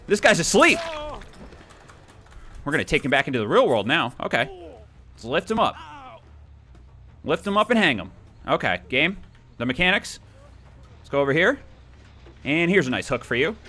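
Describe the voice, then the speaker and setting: Young male let's-player, bright and animated, gleefully taunting and yelling. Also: on the high side, normal speed, pauses often. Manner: playful taunting, excitable outbursts. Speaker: gaming YouTuber. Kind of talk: let's play commentary.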